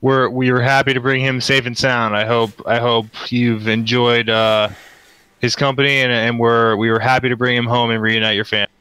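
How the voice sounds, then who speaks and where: A man's voice: mid-range voice, little pitch movement, normal speed, sharp tone, clear, resonant tone, no room sound, rough recording. A man playing his character in a tabletop game, speaking in an earnest, reassuring way. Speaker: player. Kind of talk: in-character tabletop role-play.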